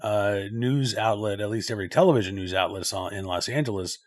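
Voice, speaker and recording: A man hosting a news commentary show, talking things through in a loose, conversational way with frequent filler pauses. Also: fairly low pitch.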